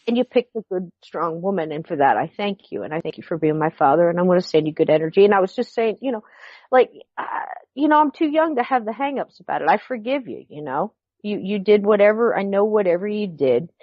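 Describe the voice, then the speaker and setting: A woman's voice: mid-range voice, quick pace, no echo. A middle-aged woman guest telling a personal story, acting out the dialogue as she goes. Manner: animated, acts out quoted dialogue. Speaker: podcast guest. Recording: dull lo-fi recording.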